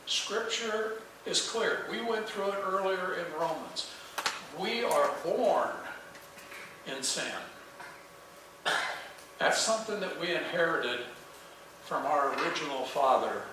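A man's voice: a little high, lively intonation, slow, pauses often, background noise. A man preaching a sermon as pastor, earnest and emphatic, asking the congregation questions. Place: small church sanctuary. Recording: echoey church heard from a distance.

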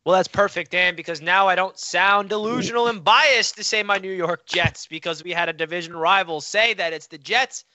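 Bright, boastful sports-talk man. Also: high-pitched, normal speed, hardly any pauses, lo-fi sound. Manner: boastful, teasing, animated. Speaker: sports podcast co-host, Jets fan. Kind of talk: casual sports debate.

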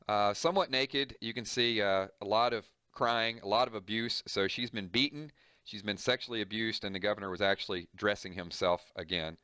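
A man's voice: lowish voice, sharp tone, clear, resonant tone, dry recording, studio quality. A man reading a comic book aloud and explaining it, moving from the panels to casual, serious commentary.

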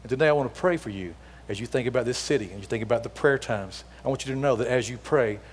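A middle-aged man giving a storytelling sermon as a guest speaker, acting out the dialogue as he tells it before softening to a hushed appeal. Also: medium pitch, fast talker, a little hiss or hum. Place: church sanctuary. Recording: long hall reverb in a church.

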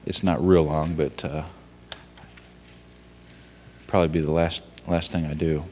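A man giving a conversational sermon and reading scripture, talking in a halting way with frequent restarts and asides. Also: very deep voice, flat delivery, mellow, big-room sound, a little hiss or hum. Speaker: guest preacher, son of the pastor. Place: church sanctuary.

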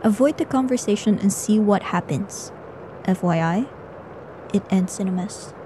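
A woman's voice: mid-range voice, moderate pace, background noise, lightly acted. A woman performing a scripted audio role-play as a weary, teasing young woman friend stuck in a time loop, speaking in a dry, knowing way.

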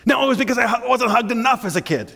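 A male pastor preaching a sermon in an animated way, acting out little scenes and often checking in with "right?". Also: extremely high pitch, fast talker, vocal fry. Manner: animated, acts out scenes, keeps asking "right?". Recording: long church-hall reverb.

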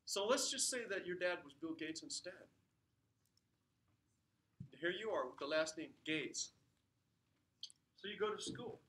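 A man giving an informal lecture, telling stories with jokes and asides in an animated way. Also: on the high side, measured pace, long pauses, recorded from a distance, slight background noise. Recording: echoey room, mic from afar.

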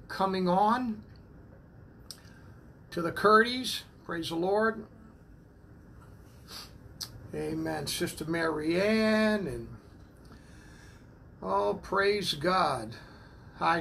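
A high-voiced man with a gravelly edge welcomes viewers of a church livestream, taking his time between names. He fills the gaps with amen and praise the Lord, talking casually into a phone, with faint noise behind him. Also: a bit bright. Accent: New England. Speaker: church minister greeting online viewers. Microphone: phone propped up.

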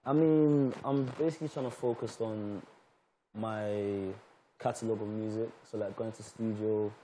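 A man's voice: lowish voice, steady tone, unhurried, warm tone, slight background noise. A man with a London accent, a guest musician chatting casually in an interview, laid-back and hesitant with many fillers. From Nigeria.

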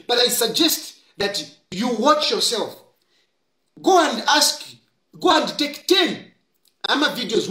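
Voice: mid-range voice, a bit bright. A political commentator with a Zambian accent, delivering impassioned, scolding commentary and repeating key lines for emphasis. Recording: roomy echo.

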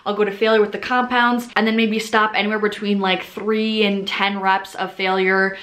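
Young female fitness vlogger, mid-pitched, casual and energetic delivery to camera. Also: normal speed. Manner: chatty, upbeat, many "like" fillers. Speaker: fitness vlogger and certified personal trainer. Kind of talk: casual chatty explanation to camera.

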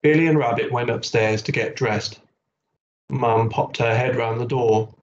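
A man leading a school assembly and reading a children's story aloud in an expressive storytelling manner. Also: mid-range voice, measured pace, slight background noise. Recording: echoey, dull school hall recording.

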